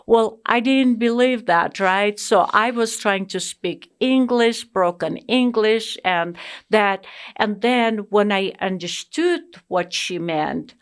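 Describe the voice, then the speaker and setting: A middle-aged woman from Russia, speaking English with a Russian accent, tells her story in an interview. She talks slowly and earnestly, with emphatic stresses, fillers and restarts, her voice sitting at an ordinary middle pitch. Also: clean tone.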